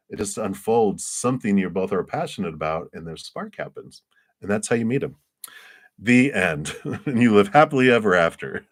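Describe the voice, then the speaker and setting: A man giving live tarot readings, chatty and animated, who acts out little scenes in high voices and often laughs. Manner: frequent laughs and fillers. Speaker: tarot reader.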